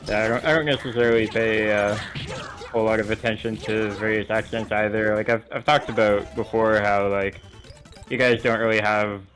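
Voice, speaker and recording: A relaxed man from Canada chats on a game stream, explaining mechanics with the occasional "um." His voice is fairly low. Soft game music plays underneath. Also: moderate pace. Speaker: streamer and co-host. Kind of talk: casual chat during a game stream.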